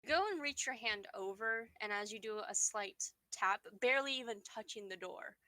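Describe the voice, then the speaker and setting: A woman narrating as dungeon master of a tabletop game, relaxed and often laughing, with frequent fillers. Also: on the high side, normal speed, dry recording, low-quality recording.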